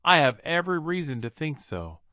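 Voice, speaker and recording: A man reading an audiobook voices a calm elderly male professor who speaks in a measured, smiling, coolly provoking way. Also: fairly high pitch, no echo, clean studio sound. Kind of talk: audiobook character voice.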